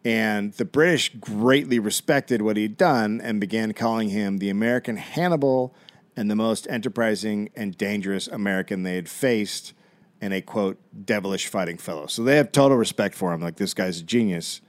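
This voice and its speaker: Low-voiced man telling a history story. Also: normal speed, no echo. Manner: profane, wry retelling with mock voices. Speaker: comedy podcast co-host. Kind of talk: casual storytelling.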